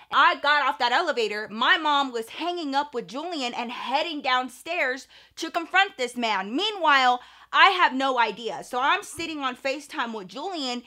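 A woman vlogger telling a personal story in an animated, slangy way. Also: sits high. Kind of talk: story time vlog.

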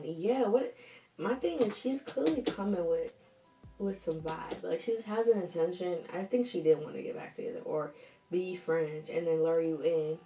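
A woman's voice: fairly low pitch, normal speed, warm tone, far from the mic. Sassy young woman reading stories aloud. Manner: sassy, chatty, reacts with slang asides. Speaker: host reading viewer stories. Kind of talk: casual storytime commentary. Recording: roomy echo, a bit off-mic.

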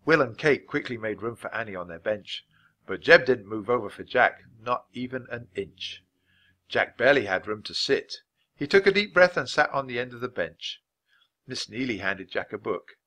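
A man reading a children's chapter book aloud for language learners, clear and measured. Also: mid-range voice, expressive, sharp tone. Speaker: storybook reader. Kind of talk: scripted narration for language learners.

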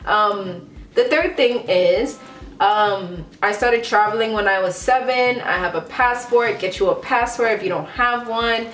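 A woman's voice: medium pitch, measured pace, a bit bright. A woman in her late twenties from a Ghanaian family in the United States, talking candidly in a casual vlog and filling her speech with "like.". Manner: chatty and candid, many "like" fillers. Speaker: vlogger. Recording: roomy echo, faint background music.

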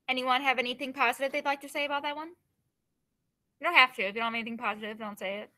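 Upbeat, bright-voiced woman teacher. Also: sits high, steady tone, very fast. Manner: upbeat, encouraging. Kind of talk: classroom lesson.

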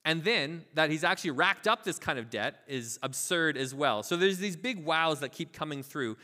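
A man preaching a sermon as pastor, telling a parable with lively asides and acting out the characters' voices. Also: on the high side, moderate pace, in a large hall. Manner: informal, filler-heavy asides. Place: church sanctuary.

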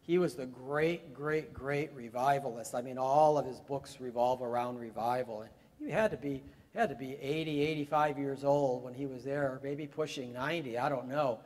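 A man's voice: mid-range voice, moderate pace, hardly any pauses, a little mellow. A man preaching a sermon, talking conversationally and rising to emphatic peaks. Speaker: pastor. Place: church sanctuary. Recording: long hall reverb in a church.

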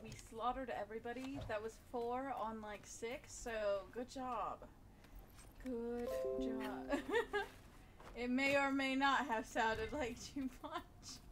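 A woman's voice: on the high side, steady tone, slow, over music. A woman streaming a game, chatting casually and laughing often. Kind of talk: casual chat while playing.

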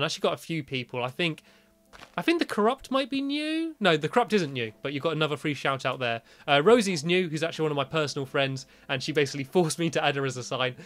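A man's voice: fairly high pitch, fairly bright tone. Chatty British young man narrating a game. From Britain. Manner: chatty, rambling, shrieks when scared. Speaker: gaming YouTuber. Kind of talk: casual gameplay commentary.

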